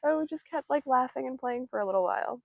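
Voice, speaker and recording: A woman's voice: high-pitched, expressive, fast talker, creaky, no echo, phone-quality sound. A young woman giving a casual tarot reading, chatty and playful, with many fillers and giggles. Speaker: tarot reader.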